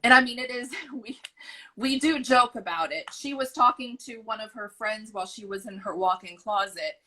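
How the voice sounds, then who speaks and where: Bright-voiced, candid mother in her forties. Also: a little high, moderate pace, poor audio. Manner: candid and rambling, laughs often. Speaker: guest, mother of a large family. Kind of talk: candid interview answers.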